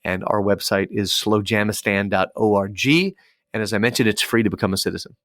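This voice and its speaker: A man's voice: fairly low pitch, a little fast, no room sound. Guy dj telling stories on a podcast, does all the voices, super dry mic. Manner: animated storyteller acting out dialogue. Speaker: radio DJ guest. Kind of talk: casual podcast interview.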